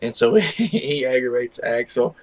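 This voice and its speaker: A man's voice: very animated, measured pace, a little mellow. A man hosting a live stream, chatting casually and rambling in a laid-back, self-deprecating way. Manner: coos at his dog in high baby talk. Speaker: livestream host.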